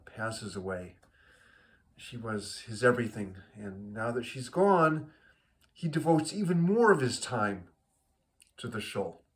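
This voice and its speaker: Easygoing man telling a joke. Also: medium pitch. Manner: easygoing, rambling with fillers. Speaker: joke teller. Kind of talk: told joke, casual storytelling.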